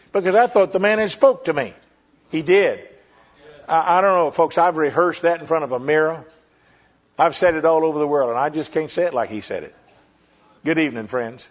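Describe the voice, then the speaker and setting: Older man, pastor, sermon testimony, earnest and repetitive, slightly high voice, muffled lo-fi recording. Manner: earnest storytelling with repetitions and pauses. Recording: lo-fi dull recording.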